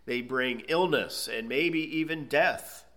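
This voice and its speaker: A man's voice: mid-range voice, takes it slowly, a bit bright. A man preaching an expository sermon, reading scripture aloud and then explaining it plainly. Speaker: pastor.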